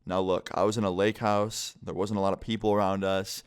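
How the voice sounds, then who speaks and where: A young man tells a scary story straight to camera in a casual vlog. His voice sits a little low and comes across smooth and clear. He swears freely and fills his sentences with "like.". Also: little pitch movement, brisk. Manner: casual, heavy swearing, lots of "like". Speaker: vlogger.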